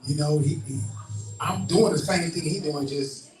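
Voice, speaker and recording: A man's voice: fairly high pitch, normal speed, a little mellow, roomy sound, far from the mic, faint music behind, rough recording. A man co-hosting a podcast, telling stories in an easygoing, casual way. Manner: easygoing, laughs between stories. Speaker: podcast co-host. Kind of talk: casual chat, storytelling.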